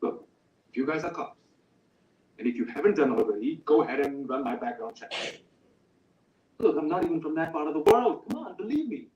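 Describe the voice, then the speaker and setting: An actor gives us an everyday man under questioning who pleads and stumbles over his words. His voice sits a bit high and sounds far from the mic in an echoing room. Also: big pitch swings, brisk, pauses often, darkish tone, lo-fi sound. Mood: insistent. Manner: pleading, stammering, defensive. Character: ordinary man caught in trouble, defensive. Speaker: detainee under interrogation. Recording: roomy echo, distant mic.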